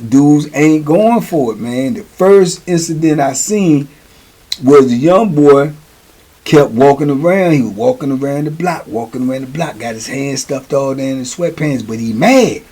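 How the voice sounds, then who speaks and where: A man's voice: mid-range voice, lively intonation, unhurried, dark tone, breathy edge. A middle-aged man telling prison stories in a casual, slangy, repetitive way. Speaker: storyteller, show host.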